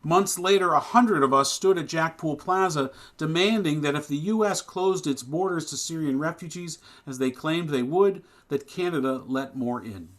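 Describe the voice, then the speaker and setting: A man's voice: on the high side, normal speed, hardly any pauses, fairly bright tone. A man serving as rabbi, giving announcements conversationally and then preaching a sermon with growing passion. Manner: plain and conversational in announcements, rising to impassioned preaching. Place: synagogue service, streamed online.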